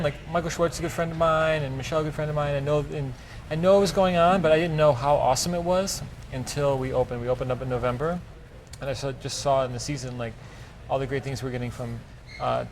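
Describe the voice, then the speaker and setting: A man's voice: on the high side, quick pace. A man who is a chef, talking casually in an interview at his restaurant, enthusiastic and rambling with fillers. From United States. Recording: faint background noise.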